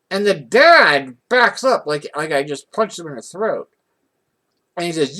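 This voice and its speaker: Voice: medium pitch, unhurried. A vlogger telling a personal story in a casual, rambling way, with restarts and rising indignation. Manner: rambling and animated, with many restarts.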